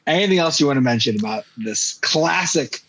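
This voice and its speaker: A man's voice: on the high side, expressive, a little fast, fairly bright tone, rough recording. A man hosting a podcast, rambling through a casual movie-review chat with lots of fillers and jokes. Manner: rambling, filler-heavy, jokey. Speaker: podcast host.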